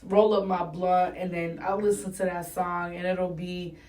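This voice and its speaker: Through a distant, roomy mic comes a fairly low, slightly mellow voice: a young New England woman with a local accent, a rapper guest in a casual interview. She speaks unhurriedly in a level tone, bluntly and with plenty of profanity.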